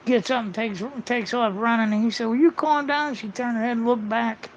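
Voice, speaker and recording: A man's voice: very high-pitched, flat delivery, fairly quick, slight background noise. A man livestreaming a casual, rambling monologue, blunt and full of swearing, on muffled lo-fi audio.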